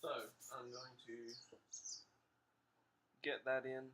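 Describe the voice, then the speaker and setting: A man's voice: medium pitch, flat delivery, normal speed, pauses often, highs cut off. A man chatting casually to his viewers and his dog while painting on a livestream. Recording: clicking noise behind the voice.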